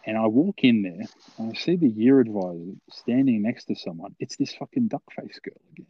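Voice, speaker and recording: A man's voice: fairly low pitch, animated, fairly quick, slightly rough, no room sound, dull audio. A young man telling a long story, rambling and swearing, full of fillers. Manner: rambling, profane, filler-heavy. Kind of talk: casual storytelling.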